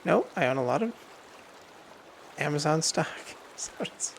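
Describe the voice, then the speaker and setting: A man's voice: on the high side, big pitch swings, a little slow, gravelly, a little hiss or hum. A man hosting a gaming channel, playfully reading game dialogue aloud and commenting as he plays.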